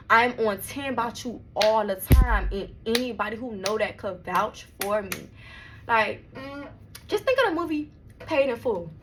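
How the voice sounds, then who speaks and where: A young woman tells a storytime straight to camera. Her voice is bright and forward, her delivery blunt and emphatic, with a steady middle pitch. A faint hiss sits under the recording. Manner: blunt and emphatic, heavy swearing. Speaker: vlogger. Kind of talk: storytime vlog.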